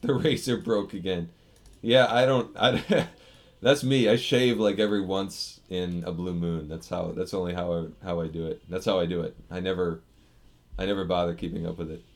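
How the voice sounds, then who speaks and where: This is a US man, a software developer on a live stream, talking at normal speed in a low, fairly even voice. He responds casually to viewer comments through a desk microphone, with loose restarts.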